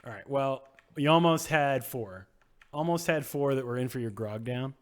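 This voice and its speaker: A man running a tabletop game as game master, animated and laughing often while he rules on the players' rolls. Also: mid-range voice, moderate pace. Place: home streaming setup.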